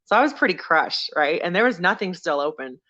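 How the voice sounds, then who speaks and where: Woman podcast guest, crisp bright voice, chatty storytelling, kinda lo-fi sound. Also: fairly quick. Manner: animated, acts out quoted people with sudden jumps in pitch. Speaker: podcast guest, veteran and former firefighter. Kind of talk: casual storytelling.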